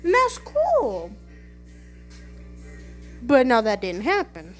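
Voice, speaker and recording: A young woman telling a story in a casual podcast monologue, animated and sassy, with lots of fillers. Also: fairly high pitch, slow, over music. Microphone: phone voice message.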